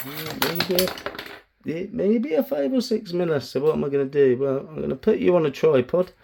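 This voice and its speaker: A man's voice: on the high side, animated, moderate pace, gravelly, very noisy. A man vlogging as he works on a bonsai, chatting casually, bantering with himself and swearing freely. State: out of breath. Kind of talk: casual self-talk while working.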